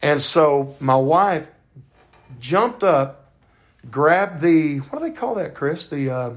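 An older man tells a faith testimony on his podcast, fervent and preacher-like, leaning on drawn-out words. His voice sits a little high and has a gravelly edge. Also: lively intonation. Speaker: podcast host.

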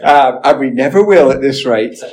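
A man's voice: mid-range voice, lively intonation, normal speed, a little hiss or hum, low-quality recording. A man in his forties hosting a podcast in casual, self-mocking chat with lots of restarts. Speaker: podcast host.

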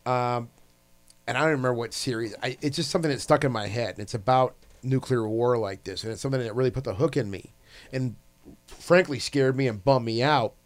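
A man in casual podcast talk who wanders through his thoughts, stopping and restarting mid-sentence. He swears freely as he goes, and his voice sits at an ordinary pitch. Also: fairly quick. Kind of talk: casual chat.

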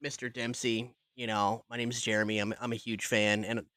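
A man's voice: mid-range voice, level tone, a little fast, pushed and bright, dry recording, clean studio sound. A man co-hosting a horror podcast, telling a celebrity anecdote in casual, swearing chat. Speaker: podcast host.

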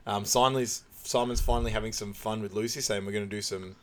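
A young man with a fairly low voice talks through a film's plot in an easy, chatty way. He retells the scenes loosely and keeps a light, amused tone, like a podcast co-host catching up with a friend. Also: fairly even intonation, fast talker. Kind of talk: casual film recap chat.

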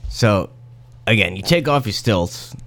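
Lively-voiced man narrating a game. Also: on the low side, a little slow. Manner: casual, profane, animated storytelling. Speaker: game master. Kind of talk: narrating a comedic tabletop role-play.

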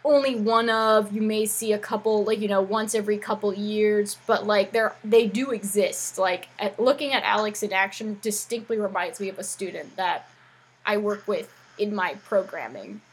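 A woman's voice: mid-range voice, moderate pace, slightly rough, low-quality recording. A woman who works as an educator, co-hosting a casual chat and talking in a rambling way full of "like" fillers. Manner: chatty, rambling, with frequent "like" fillers. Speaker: podcast co-host and educator.

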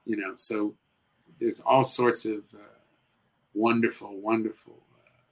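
A middle-aged man, a guest actor and comedian, chatting casually in an interview, expressive and animated, swinging between loud and hushed. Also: lowish voice, takes it slowly, rough recording.

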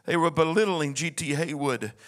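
A man preaching as pastor, swinging from a low murmur to high, chanted shouting in a sing-song cadence. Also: normal speed. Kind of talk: sermon.

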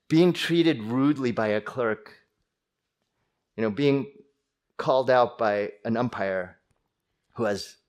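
A middle-aged man preaching a sermon as pastor, animated, acting out angry voices with sudden loud bursts. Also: fairly low pitch.

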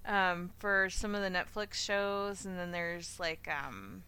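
A woman's voice: on the low side, smooth. A woman co-hosting a podcast, chatting casually and laughing often. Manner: unhurried, lively, laughs often. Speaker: podcast co-host.

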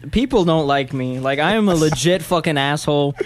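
A man's voice: fairly high pitch, expressive, a little fast, no room sound. A man co-hosting a casual podcast, rambling and boastful with lots of swearing. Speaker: podcast co-host. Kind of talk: casual chat.

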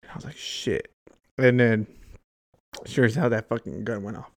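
A man's voice: mid-range voice, fairly even intonation, a little fast, vocal fry. A young adult man telling a long story in casual chat, rambling and swearing freely, saying "like" and "dude" often. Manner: profane, rambling, heavy use of "like" and "dude".

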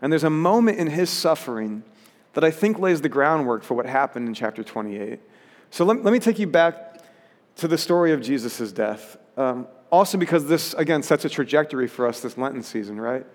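A man's voice: a little high, lively intonation, brisk, in a large hall. A pastor preaching a sermon in an earnest way, rising to emphatic peaks as he reads scripture.

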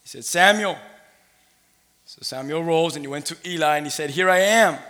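A man in his thirties preaching a sermon, leading the congregation in call-and-response, swinging between shouted lines and hushed asides. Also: on the high side, moderate pace. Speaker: pastor. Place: church sanctuary. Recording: long hall reverb.

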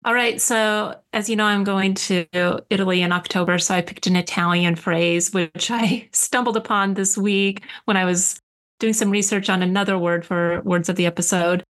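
A woman's voice: mid-range voice, fairly even intonation, normal speed, fairly bright tone. A woman co-hosting a podcast, chatting casually and enthusiastically, laughing as she talks. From United States. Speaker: podcast co-host.

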